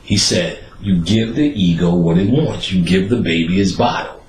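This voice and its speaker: A man hosting a podcast, telling stories in a profane, animated way and acting out the people he quotes. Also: sits low, normal speed, echoey room, poor audio. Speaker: podcast host. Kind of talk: casual storytelling monologue.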